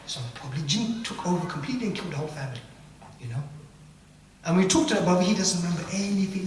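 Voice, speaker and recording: A man's voice: high-pitched, rapid-fire. A man giving an informal religious lecture on ruqya, acting out dialogues and dropping in Arabic phrases. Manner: animated, acts out dialogues, uses Arabic phrases. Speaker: ruqya teacher. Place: mosque hall. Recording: echoey hall from far off, faint noise.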